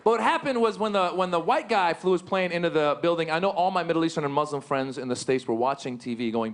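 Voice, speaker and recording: A middle-aged man performs stand-up on a theater stage through a handheld mic. His voice sits a little high for a man, and he talks in an animated, lively way, often jumping into loud, high-pitched bits to sell a joke. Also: fast, few pauses. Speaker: stand-up comedian. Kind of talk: stand-up comedy set. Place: large theater stage with a live audience.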